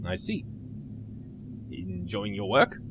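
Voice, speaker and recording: A man voicing a calm, inquisitive male ship's doctor in a video game playthrough. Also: on the low side, slow, background noise, pitched below the performer's own voice, full character voice.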